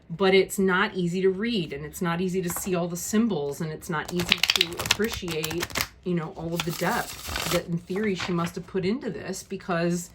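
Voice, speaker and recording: Against background noise, a woman with a lowish voice talks through a tarot deck for her video. Frank and quick to get exasperated, she stumbles through plenty of ums and restarts in a casual way.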